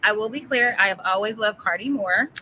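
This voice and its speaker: Blunt woman with a bright, forceful voice. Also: medium pitch, brisk, slight background noise, poor audio. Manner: blunt, confident, sly asides. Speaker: interview guest. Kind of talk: candid interview conversation.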